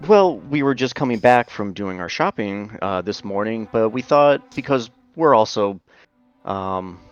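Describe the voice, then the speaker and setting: Low-voiced player, dull lo-fi mic. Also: male voice, lively intonation, measured pace, smooth, soft background music. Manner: hesitant, talks plainly with many ums. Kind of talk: in-character tabletop role-play.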